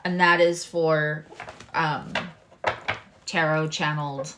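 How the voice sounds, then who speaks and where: A woman hosting a live tarot and astrology reading in a chatty, candid way, swearing freely and now and then dropping into hushed asides. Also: low-pitched, fairly even intonation, slow, background noise.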